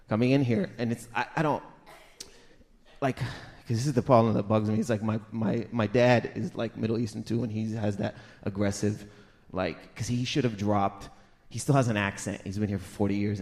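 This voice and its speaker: A man in his thirties doing stand-up comedy on a club stage, animated and exasperated, breaking into loud impressions. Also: medium pitch, big-room sound, slight background noise.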